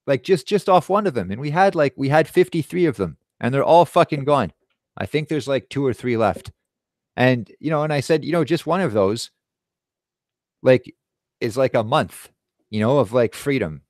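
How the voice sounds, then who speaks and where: A man's voice: mid-range voice, darkish tone, no room sound, clean studio sound. A young man hosting a show, telling a personal story in a heated, profane casual rant. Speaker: show host. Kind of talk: casual live-stream rant.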